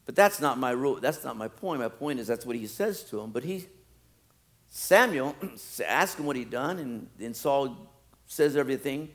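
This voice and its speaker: A man preaching a sermon, acting out scripture scenes and then dropping to quiet, wry asides. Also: animated, moderate pace. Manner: dramatic, swings from loud acted-out pleading to low asides.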